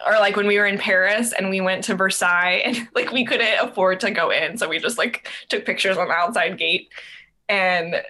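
A woman's voice: medium pitch, normal speed. A young woman hosting a podcast, chatting casually and telling stories with lots of fillers. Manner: animated storytelling, many fillers. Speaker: podcast host. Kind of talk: casual chat.

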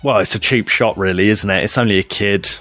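A man on a casual podcast, ranting in mock outrage, fast and stumbling over repeated words. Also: lowish voice, fairly even intonation, a bit bright, no room sound, faint music behind. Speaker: podcast co-host. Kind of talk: casual chat, mock rants.

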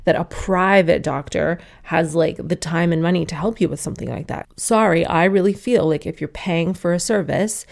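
A woman's voice: lowish voice, normal speed, gravelly, few pauses. A young woman telling a candid, swearing personal story as a casual monologue and acting out the people she quotes.

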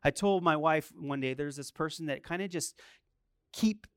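A middle-aged man preaches with a slightly high, crisp and resonant voice. The sound is dry and close. He shifts between chatty, halting asides and emphatic, rising calls to the congregation. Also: no room sound. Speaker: pastor. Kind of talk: sermon.

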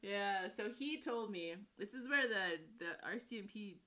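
A woman tells a story in a casual chat at an ordinary pitch. She laughs often between her lines. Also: lively intonation, normal speed, bright, forceful tone.

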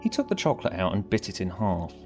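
A man reading his own story aloud, expressive, moving between bright and hushed. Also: low-pitched, quick pace, music in the background. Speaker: author and narrator. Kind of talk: storybook narration.

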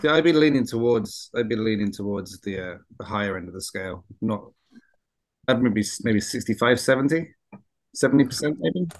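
A man's voice: fairly low pitch, animated, brisk. Hesitant, swearing man chatting films. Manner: hesitant, filler-heavy, profane, laughs easily. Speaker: podcast co-host. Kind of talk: casual chat.

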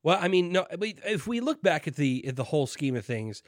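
A man co-hosting a casual chat, animated and jokey, acting out quotes from the show. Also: a little high, fairly quick, no echo, studio quality. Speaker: podcast co-host.

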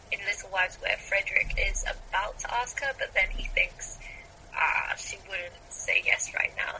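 A woman's voice: mid-range voice, sharp tone, slight background noise, poor audio. A woman guest on a podcast, thoughtfully making long points about books in casual discussion.

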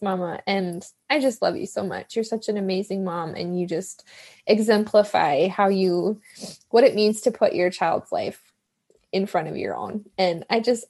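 Woman host, near tears, warm and affirming, asks gentle questions. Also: medium pitch, vocal fry. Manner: warm, affirming, emotional, many soft backchannels. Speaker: podcast host. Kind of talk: emotional interview chat.

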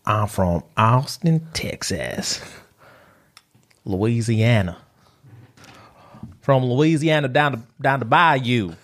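A man putting on a hammy Southern United States drawl with a lowered voice. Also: lively intonation, takes it slowly, long pauses, fairly bright tone.

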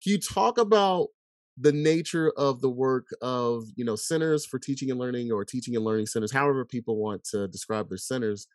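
A man's voice: medium pitch, brisk, dry recording, studio quality. A man hosting an educational podcast, talking in a reflective, casual way with many filler words. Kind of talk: casual conversational interview.

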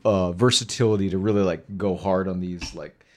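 A man's voice: deep voice, fairly even intonation, normal speed. A man co-hosting a casual podcast, speaking frankly with lots of filler words. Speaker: podcast co-host. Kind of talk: casual chat.

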